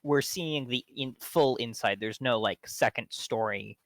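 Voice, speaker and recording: A young man at a game table asks question after question, hesitating and restarting. His voice is mid-pitched and sits close and dry on the mic. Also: unhurried, a bit bright, no echo. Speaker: player. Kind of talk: casual tabletop play.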